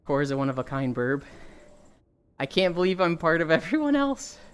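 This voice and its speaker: Lively young woman streamer. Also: low voice, moderate pace, clear, resonant tone. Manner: animated storytelling, swears freely, reads chat aloud. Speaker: livestreamer. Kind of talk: casual chat while walking.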